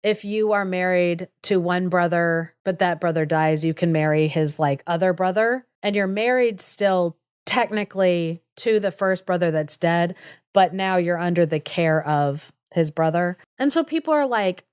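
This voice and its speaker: In clean, echo-free studio sound, a young woman co-hosting a podcast casually retells a fairy tale. Her voice sits on the low side and is clear and resonant at a moderate pace, and she says "like" a lot and laughs softly.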